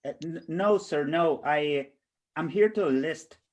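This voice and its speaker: A man's voice: fairly high pitch, a little slow, a little mellow, pitched above the performer's own voice, lightly acted. A man voicing a nervous young male army recruit who stammers and answers politely.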